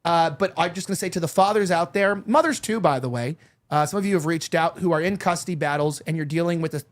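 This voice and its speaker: A man's voice: fairly high pitch, fast. A man in his thirties hosting a talk show, chatting candidly and rambling with lots of fillers and restarts. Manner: candid, confiding tone. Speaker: show host. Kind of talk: casual chat.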